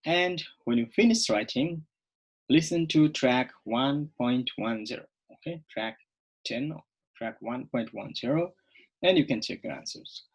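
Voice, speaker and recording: Male teacher, recorded video lesson; husky, mid-pitched, patient and repetitive delivery. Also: expressive, muffled recording. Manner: slow, repetitive, checks in with "okay?". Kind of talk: recorded online English lesson.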